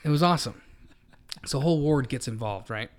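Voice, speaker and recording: A man's voice: mid-range voice, animated, fast talker. A man co-hosting a podcast, telling a long story in a casual, rambling way with frequent restarts. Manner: rambling, self-correcting storyteller. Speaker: podcast co-host.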